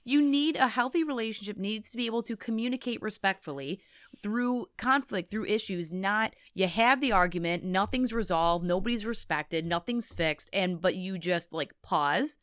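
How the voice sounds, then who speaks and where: A woman's voice: mid-range voice, normal speed, no room sound, studio quality. Chatty woman recapping reality TV. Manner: chatty, frequent "like" fillers, animated. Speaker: podcast co-host. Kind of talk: casual reality-TV recap chat.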